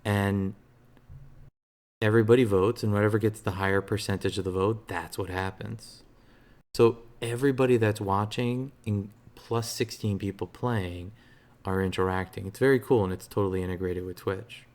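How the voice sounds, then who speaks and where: A man streaming games, chatting casually in a relaxed, rambling way with a soothing voice and lots of fillers. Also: on the low side, normal speed. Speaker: game streamer. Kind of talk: casual live-stream chat.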